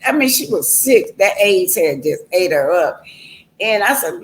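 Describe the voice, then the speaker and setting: A woman's voice: mid-range voice, lively intonation, measured pace. An older woman hosting a livestream, telling a personal story in a rambling, homespun way and often calling her viewers "y'all". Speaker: livestream host. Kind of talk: casual storytelling to a live chat.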